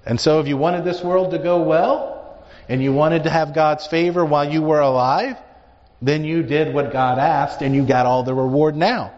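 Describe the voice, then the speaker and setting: A man's voice: fairly high pitch, fairly even intonation, moderate pace, darkish tone. A man teaching a Bible class, explaining emphatically and asking rhetorical questions. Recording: dull recording with hall reverb.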